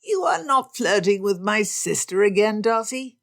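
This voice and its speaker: A woman reading an audiobook, voicing a jovial, excitable young gentleman who talks in loud, teasing exclamations. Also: mid-range voice, unhurried, creaky, pitched above the performer's own voice. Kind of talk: audiobook character voice.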